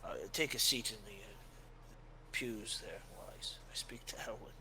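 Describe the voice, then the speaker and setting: A man voicing a gentle, tired old male dwarf priest who speaks haltingly and searches for names, in a tabletop game. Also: on the low side, a little hiss or hum, poor audio.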